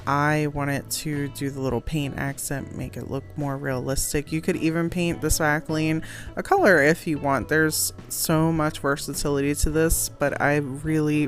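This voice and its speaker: A woman talking through a craft tutorial in a casual voice-over, chatty and giggly, often poking fun at herself. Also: sits low. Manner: chatty, giggly, self-deprecating. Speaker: crafting vlogger.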